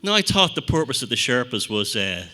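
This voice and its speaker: Guy giving a talk, super sharp forceful tone, swearing and acting stuff out. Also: mid-range voice, brisk. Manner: animated, profane storytelling with acted-out quotes. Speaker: speaker at a talk. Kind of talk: anecdotal public talk to an audience.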